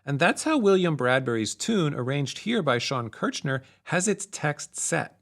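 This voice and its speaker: Lively-voiced man explaining music theory. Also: on the high side. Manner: clear, measured explaining. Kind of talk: explanatory lesson narration.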